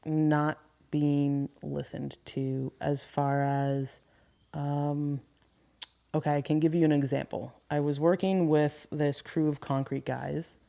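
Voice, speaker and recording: Candid woman in her thirties, podcast guest, animated work stories. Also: sits low, creaky. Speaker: guest, carpentry business owner. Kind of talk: casual podcast storytelling.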